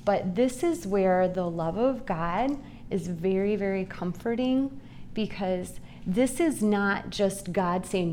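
Slow, earnest woman giving a Bible talk. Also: mid-range voice, dark tone, slight background noise. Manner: earnest, confessional, slow and deliberate. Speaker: speaker at a Christian women's gathering. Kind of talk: personal Bible teaching talk.

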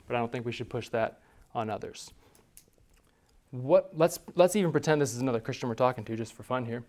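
Male class teacher, conversational, mid-range voice, quizzes the room. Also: mid-range voice.

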